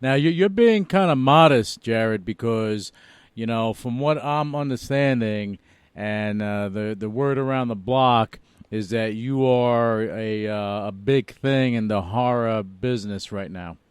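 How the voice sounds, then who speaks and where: A man hosting a casual radio interview, easygoing and joking as he draws out and flatters his guest. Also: mid-range voice, a little slow, clear, resonant tone, no room sound. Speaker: radio show host.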